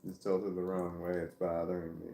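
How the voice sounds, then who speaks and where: A man with a low, gravelly voice rambles to his viewers in a loose, self-interrupting way. He is sitting at home, caught on a phone on a stand in an echoey room with a faint hiss of noise behind him. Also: completely flat delivery, normal speed, dark tone. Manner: meandering, self-interrupting, talking to viewers about his dog. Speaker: vlogger. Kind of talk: rambling casual livestream chat. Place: at home, seated with dog on his legs. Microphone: phone or camera on a stand.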